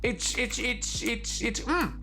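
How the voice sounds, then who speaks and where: Casual game streamer, lively swooping delivery, chatty and rambly, music bed under. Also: mid-range voice, slow pace, creaky. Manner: rambling, many repeated words and fillers, playful. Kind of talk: casual live-stream chat while playing. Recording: music playing behind.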